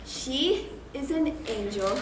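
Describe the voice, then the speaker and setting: A woman's voice: sits high, animated, takes it slowly. A teenage girl acting on stage as a bubbly, unhinged teen who chats with an imaginary friend. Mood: manic glee. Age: teens. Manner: bubbly, breathless storytelling with sudden bursts. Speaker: student actor. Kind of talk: stage monologue. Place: school theater stage. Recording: echoey stage with background noise.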